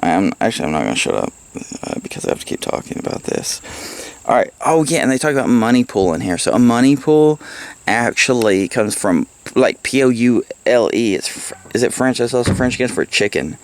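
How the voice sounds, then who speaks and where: Rambling, gravelly man chatting about a book. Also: mid-range voice, very animated, fairly quick. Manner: rambling, profane, laughs at own jokes. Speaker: book reviewer. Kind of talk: casual rambling book report. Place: at home, with pets around.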